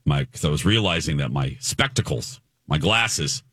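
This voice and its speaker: A man in his forties hosting a radio show, telling a self-deprecating story in an animated way. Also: very deep voice, normal speed, husky, no echo. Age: 40s. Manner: animated, self-deprecating, mimics people he meets. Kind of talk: casual morning-show storytelling. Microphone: studio microphone.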